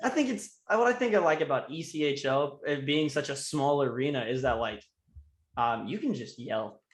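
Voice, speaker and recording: A man's voice: mid-range voice, lively intonation, moderate pace, roomy sound. A young man chatting casually on a podcast, rambling with many fillers and restarts. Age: young adult. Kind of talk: casual chat.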